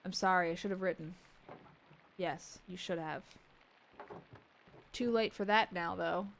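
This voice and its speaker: A woman streaming a game, reading its dialogue aloud and breaking off into joking asides and soft muttered remarks. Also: fairly low pitch, measured pace, gravelly, a little hiss or hum. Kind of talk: let's-play commentary.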